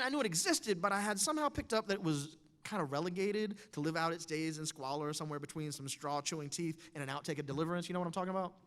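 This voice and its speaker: A man in his thirties telling a personal story on stage with wry, animated delivery, quoting others in changed voices. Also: fairly high pitch. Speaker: speaker. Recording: long hall reverb.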